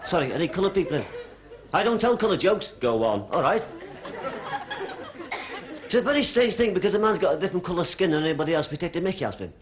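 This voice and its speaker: In a cheeky stand-up routine, a man from Liverpool banters with a theatre audience in his Liverpool accent, his high voice swinging widely in pitch. He talks at a quick pace but pauses often, over crowd noise. The recording has the dull sound of a 1970s TV broadcast, with loud laughter.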